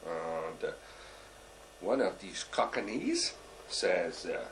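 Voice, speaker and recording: A bumbling, boastful deep sea diver, played by a man spins his tale in broken, halting English and keeps stopping for "uh" and "you know". His voice swoops up and down with lively pitch as he rambles along. There is a faint hiss behind him. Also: vocal fry, exaggerated voice. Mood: rambling. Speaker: comic storyteller. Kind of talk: character stand-up monologue.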